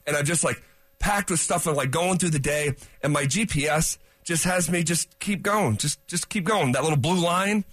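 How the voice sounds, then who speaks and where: A man co-hosting a radio show with a high, husky voice. He tells a rambling story in casual banter and acts out what he was thinking along the way. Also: moderate pace, a bit bright. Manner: rambling storyteller, acts out his own thoughts.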